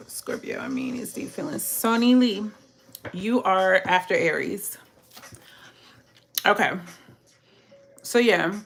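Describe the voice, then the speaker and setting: Low, gravelly-voiced tarot reader woman. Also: fairly bright tone, a little hiss or hum. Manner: chatty, laughs often, talks to viewers directly. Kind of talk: casual tarot reading to viewers.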